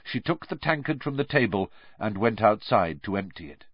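A man reading a novel aloud as an audiobook narrator, expressive and varied. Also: lowish voice, moderate pace, slightly rough, dry recording. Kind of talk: scripted storybook narration. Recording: dry, slightly dull audio.

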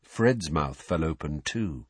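A man narrating an audiobook in an expressive storytelling manner. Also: a bass voice, takes it slowly, husky, no room sound. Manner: expressive storytelling with many character voices. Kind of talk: scripted narration.

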